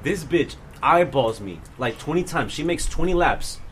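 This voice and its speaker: Young man, podcast chat, lively pitch, profane storyteller, faint noise. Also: moderate pace. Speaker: podcast host. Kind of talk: casual chat.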